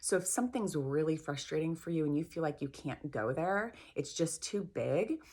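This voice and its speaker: A middle-aged woman leading a guided tapping session, gentle and encouraging, repeating phrases slowly. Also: deep voice, animated, slightly rough. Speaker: tapping practitioner.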